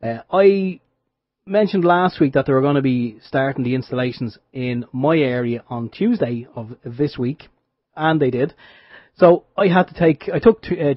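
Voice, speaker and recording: A man's voice: medium pitch, dry recording. An Irish man co-hosting a radio show, telling a wry story in casual chat with frequent restarts. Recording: dull dry radio sound.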